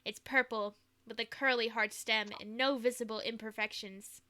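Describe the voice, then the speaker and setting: Bright high-voiced woman streamer. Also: steady tone, moderate pace. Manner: playful, laughs easily. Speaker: streamer reading a visual novel. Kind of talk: reading aloud and chatting while playing.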